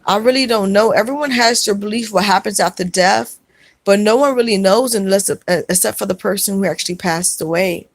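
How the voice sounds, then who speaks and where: A woman hosts a casual livestream, reading viewers' comments aloud and answering each one. She speaks softly and haltingly, with frequent fillers and restarts, at an average pitch. The sound is dry and close, with no room echo. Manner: soft-spoken, halting, many fillers and restarts. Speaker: livestream host.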